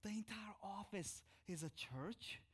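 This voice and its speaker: A middle-aged man, a pastor, telling his life story in a sermon, with sudden loud bursts on the words he stresses. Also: high-pitched, lively intonation, measured pace, husky. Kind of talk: sermon testimony.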